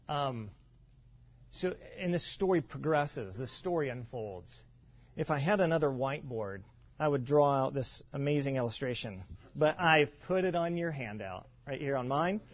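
A pastor teaching a congregation in a loose, conversational way, full of fillers, restarts and rhetorical asides. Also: male voice, medium pitch. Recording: dull lo-fi sound.

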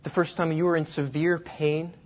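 A man preaching a sermon, telling a personal story and slowing down to stress key words. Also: on the high side, flat delivery. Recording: dull lo-fi sound.

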